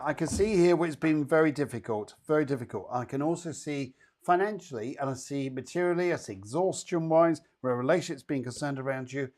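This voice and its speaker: A man hosts a live psychic show and gives quick mini readings to viewers. His voice sits at a medium pitch. He is chatty and reassuring and talks directly to the people he reads for. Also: darkish tone.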